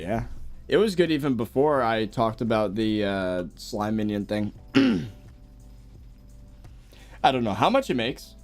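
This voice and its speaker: Chill young american dude on stream, voice bounces all over, bit of music under it. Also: male voice, mid-range voice. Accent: General American. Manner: laid-back, chuckles often, lively up-and-down delivery. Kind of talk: casual live-stream chat, reading viewer messages.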